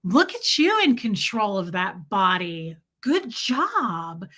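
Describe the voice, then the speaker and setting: A woman putting on a sugary, relentlessly praising older grandmother who talks slowly and sweetly to a baby. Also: mid-range voice, big pitch swings, sharp tone, exaggerated voice. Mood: gushing praise. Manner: slow, syrupy encouragement spoken to a baby.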